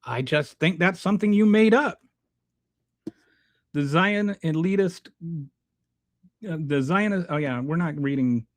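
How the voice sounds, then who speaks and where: A man hosting his own show, reading viewer comments aloud and answering them in a halting, blunt, exasperated way, restarting his sentences often. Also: mid-range voice, dry recording. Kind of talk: casual unscripted commentary.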